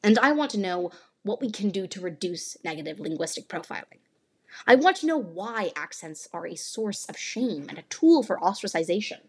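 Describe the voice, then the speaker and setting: A woman's voice: medium pitch, sing-song, normal speed, husky. A woman from Northern California hosting a podcast, giving an earnest, explanatory scripted narration. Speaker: podcast host.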